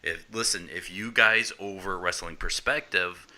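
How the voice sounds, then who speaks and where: A man's voice: deep voice, normal speed, bright, forceful tone. A man hosting a wrestling podcast in casual chat, upbeat and plugging the show. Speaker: podcast host.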